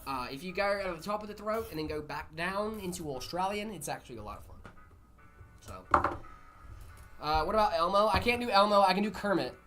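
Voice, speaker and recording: A male streamer chats casually and playfully with his audience, his voice rising and falling a lot. Music plays clearly behind him in the studio room. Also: high-pitched, lively intonation, fairly quick, long pauses, pushed and bright. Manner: chatty, playful, many fillers. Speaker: streamer hosting a PC-building stream. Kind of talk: casual livestream chat reading viewer messages.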